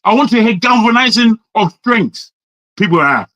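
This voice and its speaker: A man's voice: high-pitched, sing-song, normal speed, a bit bright, no room sound, low-quality recording. A man from Nigeria ranting in a live online debate, exasperated, swearing and repeating himself for emphasis. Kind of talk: heated debate rant.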